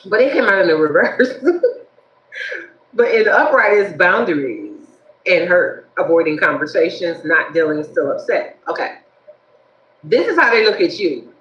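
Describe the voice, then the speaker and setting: Animated woman giving a tarot reading. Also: fairly low pitch, normal speed, long pauses, echoey room, muffled recording. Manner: animated, preachy, addresses viewers directly. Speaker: tarot reader.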